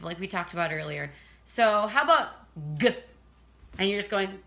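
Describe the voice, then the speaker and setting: A woman's voice: mid-range voice, a little slow, pushed and bright, faint music behind. A woman teaching a casual singing lesson, chatting and breaking off to demonstrate vocal sounds.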